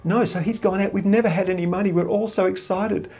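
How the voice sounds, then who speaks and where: An older man voicing his wife as she gushes with mock excitement on the phone. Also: sits high, quick pace, gravelly, slightly rough, voice pushed up, exaggerated voice. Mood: mock-excited. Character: playful wife in on a joke.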